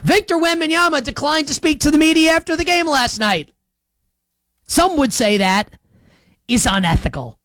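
A man hosting a sports talk show, giving opinionated commentary in a sarcastic, emphatic way, with big swings in pitch and pace. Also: pushed and bright, dry recording.

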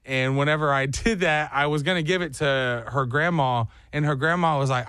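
A young man telling a comic story on a podcast, animated and acting out the voices. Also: fairly high pitch, normal speed, hardly any pauses, smooth, no room sound.

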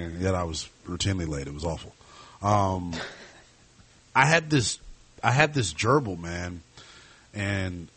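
A man's voice: on the low side, husky, dry recording. A man hosting a sports talk show, talking loosely and animatedly about basketball and trading jokes. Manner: animated, loose and chatty, laughs often.

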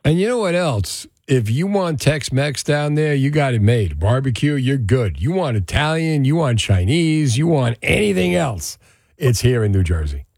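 A man hosting a radio call-in show, chatting in a lively, upbeat way with callers. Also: mid-range voice, normal speed, creaky, no echo, studio quality. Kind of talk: talk radio call-in chat.

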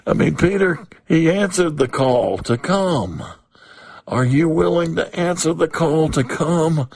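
Slow, husky-voiced male radio preacher. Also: medium pitch, lively intonation, a little mellow, no echo. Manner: slow, emphatic, repeats phrases for weight. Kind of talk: sermon.

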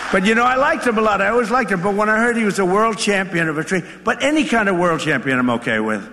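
A man with a fairly high voice delivers a rambling political speech to a crowd. He repeats his points and drifts into boastful asides. The room rings with long reverb, and faint ambience sits behind him. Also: animated, fast, background noise. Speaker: speaker addressing a factory crowd.

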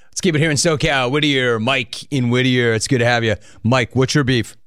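A man hosting a call-in radio show, bantering and teasing callers in a joking, animated way. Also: medium pitch, moderate pace, smooth, no echo. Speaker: sports radio host.

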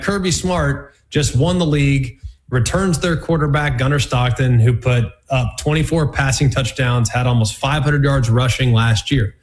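A man hosting a college football analysis show, talking in a punchy, emphatic way with plenty of repetition. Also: medium pitch. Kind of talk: sports commentary show.

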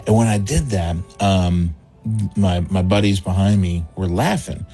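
A man telling a rambling comic story on a radio show, chuckling and doing quick voices for the people he quotes. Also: low voice, dark tone, husky, faint music behind.

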